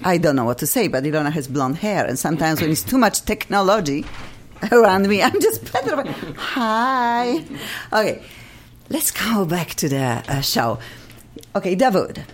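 Lively, effusive woman host. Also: lowish voice, moderate pace, slight background noise. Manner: chatty, laughing, effusive. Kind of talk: casual interview chat.

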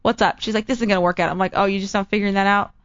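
A woman in casual chat, an entertainer telling a story and acting out the quotes with lively energy. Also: medium pitch, racing, clear, resonant tone, no room sound, lo-fi sound.

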